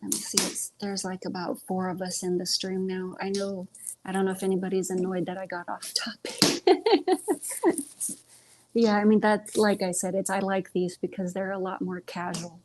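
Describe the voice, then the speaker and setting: A woman's voice: medium pitch, level tone, fairly quick, heavy background noise. A woman hosting a casual live stream from home, chatting loosely and tripping over her words, talking into earbuds. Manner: rambling, stumbling over words.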